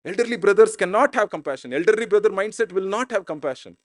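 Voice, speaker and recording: A man's voice: high-pitched, lively intonation, fast talker, no echo, clean studio sound. A man preaching a sermon as pastor in an informal, conversational way. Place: church.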